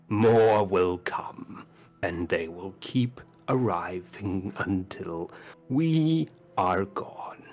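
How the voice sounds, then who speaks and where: Man doing a goatman clan leader, deep, very slow, grave, breathy half-whisper. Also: a little mellow, heavily acted. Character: stern male goatman clan leader, solemn and weary.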